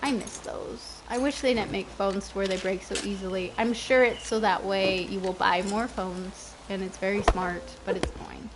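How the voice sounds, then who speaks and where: This twenty-something game streamer talks casually to her viewers as she plays, hopping between topics and addressing chat. Her medium-pitched voice keeps a fairly even intonation at normal speed, with hardly any pauses. The stream audio is noisy.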